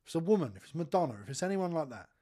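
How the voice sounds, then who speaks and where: A man in his thirties hosting a podcast, chatting casually in blunt, sweary, animated banter, recorded in a studio. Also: fairly high pitch, rapid-fire. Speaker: podcast host. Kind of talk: casual chat.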